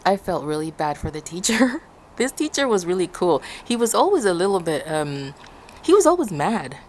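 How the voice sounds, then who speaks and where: A woman from Ecuador chats straight to her viewers, recounting a story with a voice that rises and falls widely. She bursts into high, shouted quotes and frequent laughter. A faint background hiss sits under the recording. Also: very animated, normal speed. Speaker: vlogger.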